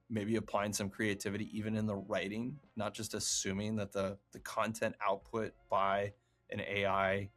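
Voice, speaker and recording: A man co-hosting a casual chat, talking in a measured way and chiming in with short agreements. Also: fairly low pitch, fairly bright tone. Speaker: podcast co-host.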